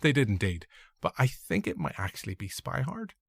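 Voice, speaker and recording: A Northern Irish man in his younger years chats through a film review, wandering between thoughts and correcting himself as he goes. His voice sits fairly low. It is recorded close and dry, with no room sound. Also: sing-song, brisk, vocal fry, husky, dry recording. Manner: rambling, self-correcting, joking asides. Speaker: podcast host. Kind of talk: casual film review chat.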